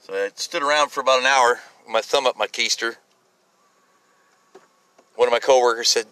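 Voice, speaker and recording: A man's voice: fairly high pitch, fast, sharp tone, no room sound, rough recording. A man in his forties hosting a solo podcast, talking bluntly and rambling with frequent restarts and swearing. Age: 40s. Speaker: podcast host.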